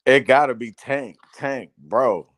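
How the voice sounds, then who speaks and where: A man in a casual barbershop chat, talking emphatically with halting restarts. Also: medium pitch, fairly bright tone, dry recording.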